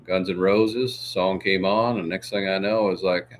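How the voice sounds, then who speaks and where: A man's voice: deep voice, fairly even intonation, normal speed, hardly any pauses, a little hiss or hum. A man hosting a livestream, chatting casually with viewers in a jokey, meandering way and sniffling now and then. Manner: jokey, meandering, full of "uh" and asides. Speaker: livestream host. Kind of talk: casual rambling chat with viewers.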